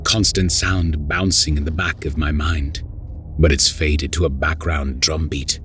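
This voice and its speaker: A man narrates a dark war story in the first person, his voice deep, slow and grave. Faint music plays softly underneath. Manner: grave and intense.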